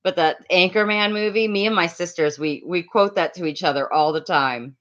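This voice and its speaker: Loud fast-talking woman, muffled sound. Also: lowish voice. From Latin America. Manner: loud, fast, laughs often. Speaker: live streamer reading chat. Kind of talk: casual live-stream chat.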